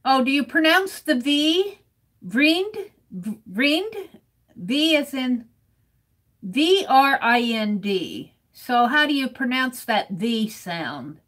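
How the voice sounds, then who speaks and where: A woman live-streaming her art, chatting with viewers in a casual way. Her voice is high and sits bright, and it moves a lot in pitch. She speaks at an unhurried pace and sounds out words for fun while she works. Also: animated.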